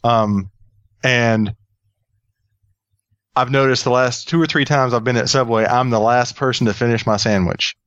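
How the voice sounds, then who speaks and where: An easygoing male host chats and laughs often. His voice sits at a middle pitch. The audio is slightly dull and lo-fi, with a dry, roomless sound. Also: fairly even intonation, a little slow, pauses often, fairly bright tone, no room sound. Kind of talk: casual chat.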